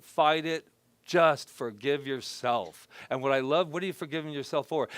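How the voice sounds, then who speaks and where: A man's voice: mid-range voice, dry recording. Chatty joking male minister, dry sound. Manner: conversational and joking, softly acts out his own self-talk. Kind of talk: informal sermon. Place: spiritual center gathering before a congregation.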